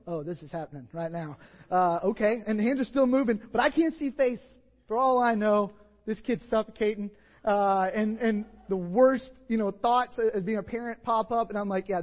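A Texan pastor with a fairly high voice tells a story from the pulpit. He is animated, dropping to hushed asides and then rising to loud bursts. The recording is dull and lo-fi, with long church reverb. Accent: Texas. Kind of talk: sermon storytelling. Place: church sanctuary.

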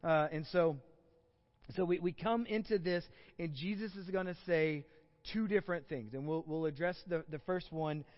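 A fairly high-voiced Texan man preaches a sermon in a conversational, stop-and-start way, then pushes into emphatic peaks. The sound is a little dull, and his voice rings out through a large, reverberant church hall. It comes across as a live Sunday message. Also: moderate pace. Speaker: pastor.

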